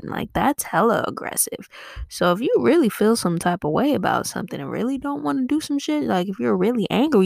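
A woman's voice: on the high side, vocal fry, no room sound, clean studio sound. A woman podcast host riffing casually in a profane, rambling, playful comedic style.

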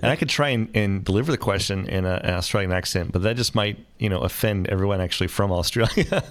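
A man's voice: on the low side, fast. A man hosting a podcast, upbeat and joking, using many fillers as he asks questions. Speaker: podcast host.

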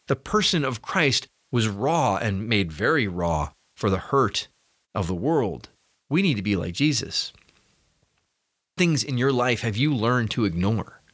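Earnest male preacher, lively pitch. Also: no room sound, studio quality. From North America. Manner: earnest, conversational, with restarts and rising emphasis. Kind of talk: sermon-style podcast reflection.

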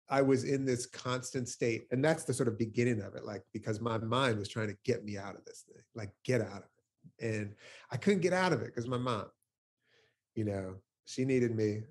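Laughing, animated man on a video call. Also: mid-range voice. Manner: animated, laughs often, swears casually, many fillers. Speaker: poet guest. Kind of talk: reflective conversational storytelling.

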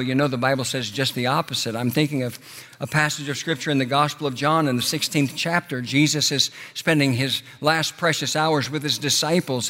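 A male pastor preaching a sermon, rising to loud passionate peaks and then dropping soft and slow. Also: on the high side, big-room sound.

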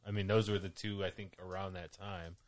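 A young man co-hosting a podcast in casual chat, animated and joking. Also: low-pitched, brisk, no echo. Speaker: podcast co-host.

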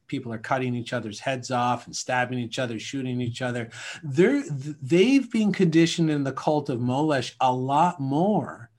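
A man's voice: mid-range voice, normal speed, a little mellow. A man from Canada talking in a casual podcast conversation, emphatic and rambling, often acting out little scenes.

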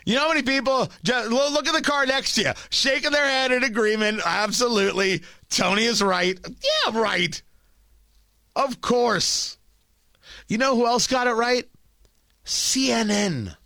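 A man hosting talk radio, delivering an emphatic opinionated monologue that swings from loud scolding to low asides, on a studio mic. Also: normal speed, dry recording. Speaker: radio talk show host.

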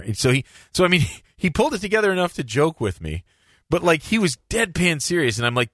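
A man hosting a podcast, telling a story in casual chat, animated and laughing, with lots of restarts. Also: medium pitch, brisk, dry recording, studio quality.

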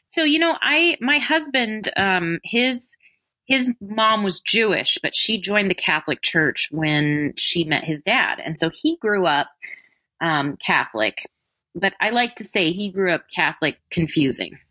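A woman's voice: medium pitch, expressive, a little slow, bright, forceful tone, dry recording. A woman being interviewed, talking casually and animatedly with self-deprecating asides. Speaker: interview guest.

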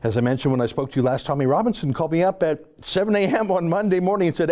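Canadian male podcast host, brisk and chatty, mellow low-toned voice. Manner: brisk, chatty, self-mocking. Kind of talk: podcast monologue and field report.

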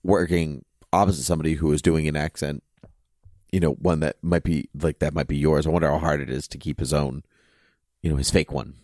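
A man's voice: very deep voice, steady tone, brisk, darkish tone, no echo, clean studio sound. A man co-hosting a podcast in a casual chat, rambling and leaning heavily on "you know" as he thinks aloud. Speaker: podcast co-host.

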